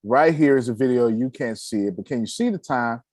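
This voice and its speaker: A man hosting a casual chat, talking in an animated way, often laughing and poking fun at himself. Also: mid-range voice, a little fast, dry recording. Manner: animated, laughing, self-mocking. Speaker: host.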